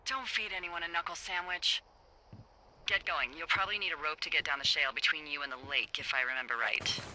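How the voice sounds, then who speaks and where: An actress playing a wry, teasing lookout supervisor who swears freely, heard over a walkie-talkie radio in a video game. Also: female voice, sits low, fairly even intonation, fairly quick, bright, forceful tone, rough recording. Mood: alarmed bossy. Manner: playful, sarcastic, swears freely.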